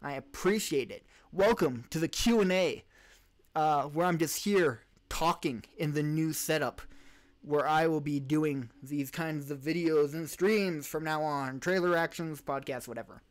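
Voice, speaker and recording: In an unhurried manner, this podcast host and live streamer, a man with a voice slightly above typical pitch, fields chat questions off the cuff in a relaxed live Q&A. He rambles, restarts and corrects himself while talking into a desk mic.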